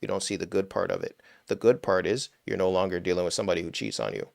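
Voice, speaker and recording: A man's voice: low voice, expressive, quick pace, vocal fry, a little mellow, dry recording, studio quality. A young man hosting a live stream on spirituality and money, explaining casually and bluntly with lots of "right?" tags and the odd swear word.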